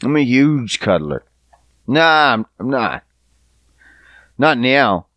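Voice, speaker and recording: A man's voice: medium pitch, very animated, slow, a bit bright, dry recording. A man hosting a podcast who talks to his listeners in a casual, rambling monologue, swearing freely and joking. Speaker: podcast host.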